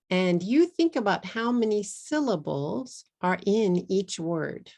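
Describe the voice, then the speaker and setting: Slow, gravelly Texan teacher woman. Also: mid-range voice, lively intonation, darkish tone. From Texas. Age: middle-aged. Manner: slow, deliberate, repeats words for learners. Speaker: English teacher. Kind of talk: English pronunciation lesson for Japanese learners.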